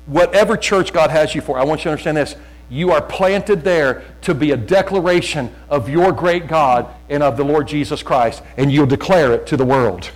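A middle-aged male pastor preaching a fervent sermon, often loud, repeating words as he builds. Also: on the high side, moderate pace, poor audio.

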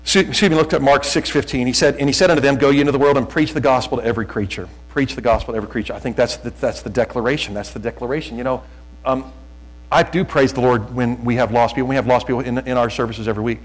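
A middle-aged male pastor preaching a fervent sermon, often loud, repeating words as he builds. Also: mid-range voice, quick pace, low-quality recording.

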